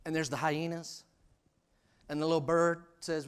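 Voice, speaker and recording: A man preaching a sermon in a conversational, self-deprecating way, dropping to hushed asides and rising to loud, emphatic peaks. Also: fairly high pitch, level tone, normal speed, clean tone. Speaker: pastor.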